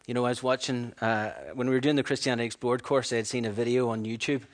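A man preaches a sermon in an animated storytelling style, acting out voices and laughing at his own stories. He talks quickly in a mid-range voice.

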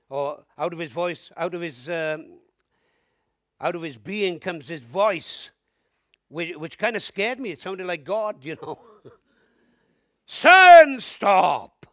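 A man preaching a sermon, telling his testimony in an animated storytelling way and building to emphatic appeals. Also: a little high, no echo.

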